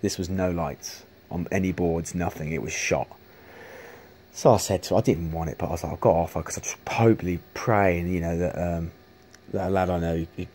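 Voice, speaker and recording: A man's voice: low-pitched, dark tone. A man chatting casually to camera, rambling with many restarts and casual swearing. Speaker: vlogger showing arcade machines.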